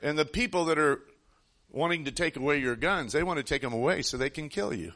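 Bright-voiced man preaching through a story. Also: fairly high pitch, lively intonation, brisk. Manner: earnest, rambling, with frequent restarts. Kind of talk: sermon storytelling.

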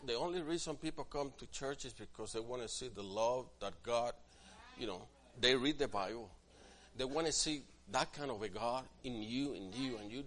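A man preaching a sermon as pastor, swinging from quiet asides to loud, emphatic passages and acting out what church members say. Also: medium pitch. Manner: acts out quoted church members in different voices.

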